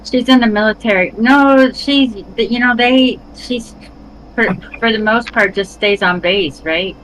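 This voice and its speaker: A woman's voice: on the high side, measured pace, a bit bright, a little hiss or hum, low-quality recording. A middle-aged woman chatting casually with friends while playing a game, often stopping and restarting her sentences. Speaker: streamer. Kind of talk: casual chat while gaming.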